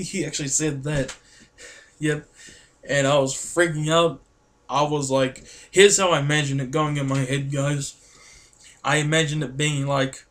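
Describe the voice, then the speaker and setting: A man vlogging to camera, telling a story excitedly and rambling, often calling his viewers guys. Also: on the high side, normal speed, long pauses.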